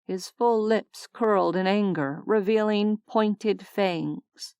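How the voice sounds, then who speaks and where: Woman, audiobook narrator, steady expressive reading, middle pitch, dry close mic. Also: slow pace, clear, resonant tone, no echo. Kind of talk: scripted narration.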